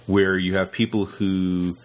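Man, deep low voice, casual podcast talk, rambling, repeats himself. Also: level tone, unhurried, a little hiss or hum. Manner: rambling, repeats words, acts out quoted students. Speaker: podcast host and rope teacher.

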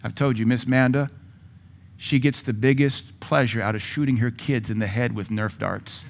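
A middle-aged man preaches with a mid-pitched voice. He surges to loud, emphatic lines, then drops to a near-hush. The delivery is a pulpit sermon. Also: fairly even intonation, moderate pace, vocal fry. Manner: forceful preaching with sudden loud rises and quiet drops. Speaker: pastor.

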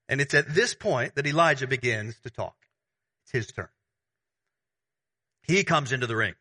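Man, pastor, sermon, chatty and animated, very bright voice, middle pitch. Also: measured pace, long pauses. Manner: conversational, animated, uses everyday analogies.

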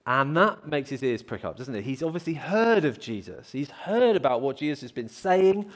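A man's voice: mid-range voice, very animated, moderate pace. A man preaching a conversational sermon, asking rhetorical questions and acting out voices.

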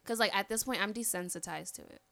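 A woman's voice: mid-range voice, quick pace, vocal fry, a loud crowd. A woman from New York, a podcast guest, trading blunt, teasing, profane banter in casual chat.

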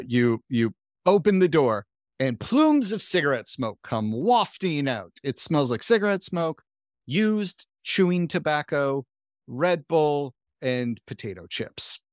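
A man's voice: a little high, sing-song, slow, no echo. Casual male game master, dry mic. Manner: casual, swears freely. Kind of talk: narrating a tabletop game.

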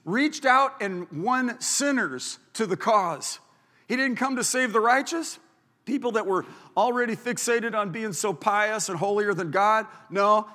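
A man's voice: high voice, bright, forceful tone. A male pastor preaching a sermon, emphatic and drawing out key words for weight. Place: church auditorium. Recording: reverberant hall.

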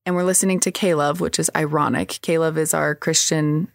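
A woman's voice: low voice, fairly even intonation, moderate pace, vocal fry, dry recording, clean studio sound. A woman, a podcast guest, telling her personal testimony in an earnest, reflective way.

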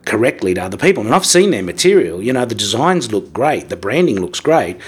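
Husky, lower-voiced podcast co-host. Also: male voice, very animated, fairly quick. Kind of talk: conversational podcast talk.

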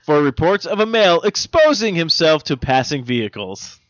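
A man's voice: fairly high pitch, very animated, moderate pace, muffled recording, heavy background noise. A man co-hosting a casual comedy podcast, reading out local news items and riffing with jokes and laughter. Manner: joking, puts on mock voices and laughs often.

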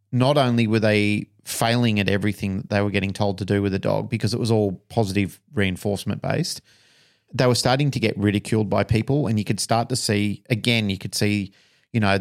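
A man tells a story on a podcast with raw, open emotion and the occasional swear word. His voice sits low and has a rough, gravelly grain. He talks frankly, like a trainer speaking from experience. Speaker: dog trainer and podcast co-host.

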